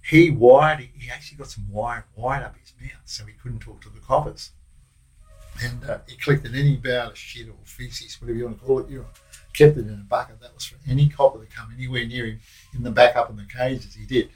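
Older aussie bloke, ex prison officer, rambling yarns, normal middle pitch. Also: male voice, fairly even intonation, a little fast, a little mellow, poor audio. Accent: Australian. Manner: rambling, anecdotal, with slang and restarts. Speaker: former prison officer, guest. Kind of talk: casual interview storytelling.

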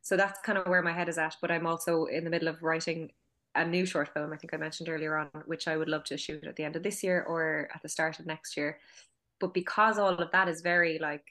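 Speaking quickly in a low, bright, forceful voice with fairly even intonation, this thirty-something woman from Cork gives a casual interview at home. She makes films and runs an acting school, and her Cork Irish accent comes through as she chats, laughs a lot and restarts with plenty of fillers.

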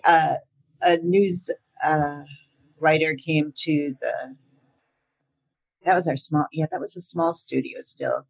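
A woman's voice: fairly low pitch, breathy edge. An older woman voice actor chatting as an interview guest, laughing often and using many fillers. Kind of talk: casual interview chat.

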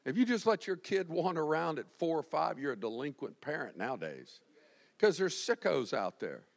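A man's voice: a little high, very animated, normal speed, vocal fry. A male pastor from Florida preaching a sermon, telling stories animatedly with self-deprecating humor.

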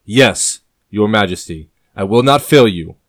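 A man's voice: on the low side, animated, unhurried. A man voicing a loyal major-general who speaks steadily and earnestly. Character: loyal male major-general, calm and devoted.

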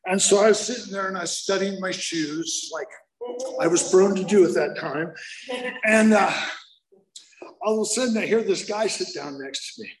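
A man telling his recovery story slowly and haltingly, with many fillers and wry self-deprecating humor. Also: high-pitched. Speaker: speaker sharing recovery story. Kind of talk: personal testimony at a recovery meeting. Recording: roomy, echoey recording.

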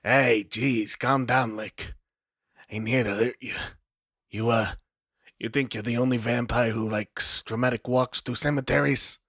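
A man's voice: medium pitch, steady tone, a little slow, a bit bright, dry recording, studio quality. A man voicing a scrawny, androgynous punk vampire who talks in slangy, drawling threats and sometimes sinks into a whisper. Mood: mocking. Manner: slangy, drawling tough talk.

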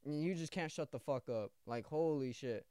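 A man's voice: a little high, normal speed, mellow, smooth, dry recording, clean studio sound. A young man ranting casually and profanely as a podcast host, rambling and mocking.

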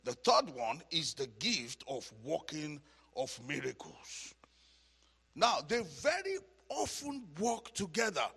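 A man preaches a Bible study in a church hall with a long, ringing reverb. His fairly high, bright, gravelly voice swings widely in pitch as he repeats phrases for emphasis. It slips into husky rasp and climbs to shouts. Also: sing-song, takes it slowly.

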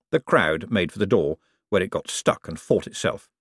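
A man's voice: low voice, normal speed, husky, no echo. A man narrating a comic fantasy novel as an audiobook, with a dry, wry storytelling manner. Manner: dry, wry storytelling with lively voiced characters.

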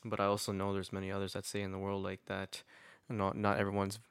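Low gravelly man, relaxed. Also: quick pace, no echo. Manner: relaxed, laughs easily, lots of filler words. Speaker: podcast co-host. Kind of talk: casual faith conversation.

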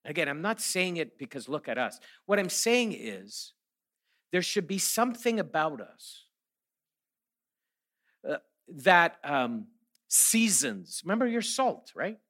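A man's voice: fairly high pitch, big pitch swings, slow pace, sharp tone. A middle-aged man giving a sermon, telling stories and then rising to emphatic preaching. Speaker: guest speaker.

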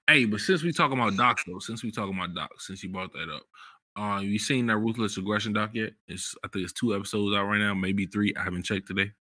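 A man hosting a podcast, talking in a relaxed, slangy way about wrestling memories, jumping up in pitch when excited. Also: fast, no room sound, studio quality. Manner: relaxed slangy storytelling, bursts of high excitement. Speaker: podcast host. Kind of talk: casual chat.

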